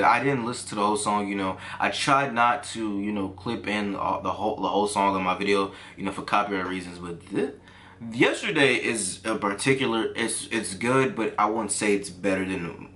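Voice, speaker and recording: A man giving casual reaction commentary on songs, easily excited and breaking into exclamations. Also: on the low side, normal speed, a little hiss or hum. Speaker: music reaction reviewer.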